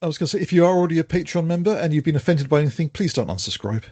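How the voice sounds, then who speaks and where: A man's voice: fairly high pitch, expressive, rapid-fire, mellow. An older man co-hosting a podcast, chatting casually and jokingly, with lots of restarts and laughs. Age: older adult. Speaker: podcast co-host.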